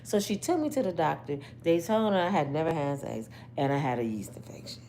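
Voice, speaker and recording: A woman's voice: deep voice, animated, brisk, warm tone, a little hiss or hum. A woman host giving brash, profane storytelling commentary, laughing often.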